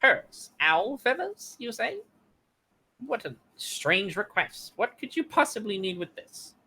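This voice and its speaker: A mousy, squeaky little gnome shopkeeper, as a man puts him on, fussy and curious, pitched way up high. The stocky alchemist sounds small and nosy, like a tiny storybook merchant. He talks from a little off the mic. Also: very animated, slow pace, sharp tone, husky, exaggerated voice.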